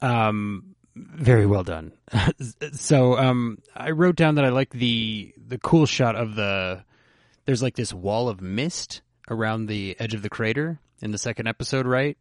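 A man's voice: medium pitch, a little slow, dry recording, studio quality. A man hosting a casual anime podcast, teasing his co-hosts and joking around with plenty of fillers. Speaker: podcast host.

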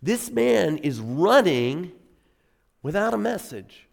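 Gravelly-voiced pastor preaching in a hall. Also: male voice, high-pitched, slow. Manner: conversational storytelling, animated emphasis. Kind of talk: sermon. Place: church sanctuary. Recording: long reverb of a church hall.

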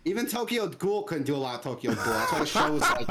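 A man's voice: on the high side, sing-song, quick pace, heavy background noise. A man co-hosting a casual gaming chat, ranting loosely with lots of swearing and filler "like". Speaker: podcast co-host.

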